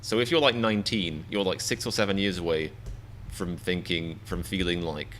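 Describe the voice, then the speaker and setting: An English man in his thirties talks straight to his live viewers, rambling and poking fun at himself with mock exasperation. His voice sits a little low but has a bright, forceful edge. A faint hiss runs underneath. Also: moderate pace. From England. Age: 30s. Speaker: live reaction streamer. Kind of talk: casual live-stream chat.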